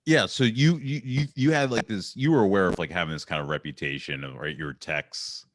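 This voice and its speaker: Low-voiced, hesitant man interviewing. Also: dry recording, studio quality. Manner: halting, hesitant questions. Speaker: podcast host. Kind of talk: casual interview.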